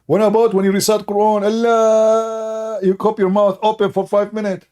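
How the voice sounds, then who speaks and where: A man's voice: high voice, completely flat delivery, fast, dark tone. A man giving a sarcastic, mocking commentary monologue in broken, non-native English, laughing at his own points. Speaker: online religion critic.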